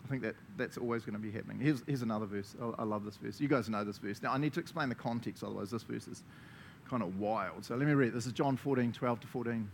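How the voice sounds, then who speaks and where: A man with a New Zealand accent preaching a lively sermon to a congregation, laughing often and acting out the voices he quotes. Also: medium pitch, fast talker, creaky, slight background noise.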